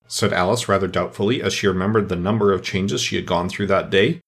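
A man narrating a children's storybook with expressive delivery. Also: deep voice, fairly quick, hardly any pauses, husky. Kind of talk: storybook reading.

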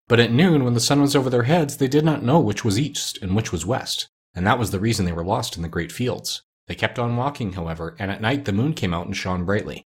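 A man narrating a storybook reading in a steady, measured way. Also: on the low side, husky.

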